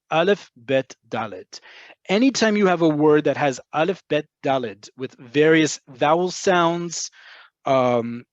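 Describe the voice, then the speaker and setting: A man's voice: a little high, no echo. A man teaching a Hebrew vocabulary webinar, patiently explaining and checking in with the class. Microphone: computer mic on a video call. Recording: slightly dull lo-fi webinar audio.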